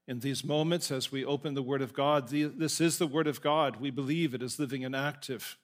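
A man's voice: mid-range voice, fairly bright tone. A male pastor preaching a sermon, reading scripture and telling stories in a conversational way, with asides and self-corrections.

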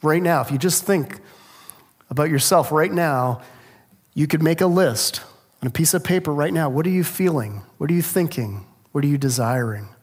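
A middle-aged male pastor delivers a sermon with a voice pitched a little above the usual. He tells stories in an animated way and keeps asking the listeners rhetorical questions. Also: normal speed, slightly rough.

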